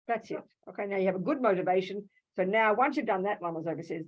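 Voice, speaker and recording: A woman's voice: medium pitch, rapid-fire, hardly any pauses, muffled recording. An Australian woman teaching a Buddhist class, blunt and direct, calling listeners sweetheart and darling. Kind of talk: teaching a live Q&A session. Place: meditation hall with an audience. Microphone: handheld microphone.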